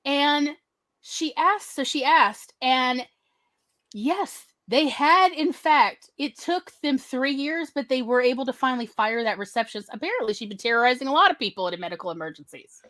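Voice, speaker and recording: Animated woman, dry close recording. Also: sits high, moderate pace, dry recording. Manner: animated, acts out other people's lines in shifting voices. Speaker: podcast host telling a story. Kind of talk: casual storytelling chat.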